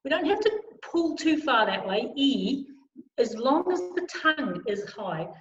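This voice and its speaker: A woman leading a choir through a vocal warm-up lesson on a video call, encouraging and demonstrating sounds aloud. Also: high voice, big pitch swings, moderate pace. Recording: roomy, slightly dull video call audio.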